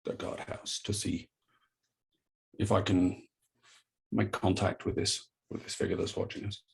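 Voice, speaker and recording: A man's voice: low-pitched, little pitch movement, a little slow, creaky, slightly rough. A man playing a tabletop game, thinking aloud about his character's moves. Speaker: player.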